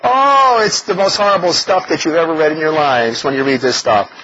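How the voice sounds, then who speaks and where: A man preaching a sermon in an animated, mocking way, often laughing as he talks. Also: a little high, fairly quick. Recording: dull lo-fi recording with faint noise.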